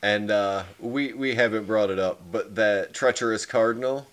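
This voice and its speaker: A man's voice: fairly low pitch, moderate pace, a bit bright. A man co-hosting a casual movie review chat, joking with crude comparisons and laughing often. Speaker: podcast co-host.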